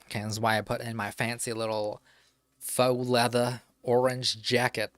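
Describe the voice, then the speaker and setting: Male streamer, mid pitch, offhand rambling, casual swearing, close desk mic in a dry room. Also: little pitch movement, moderate pace, fairly bright tone, dry recording. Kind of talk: casual live-stream chat.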